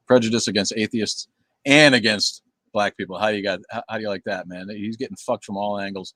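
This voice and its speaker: Man, middle-aged, livestream host, blunt and profane, rambling with fillers, lowish voice, dry close sound. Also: fairly bright tone, no room sound. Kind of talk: casual livestream chat reading viewer comments.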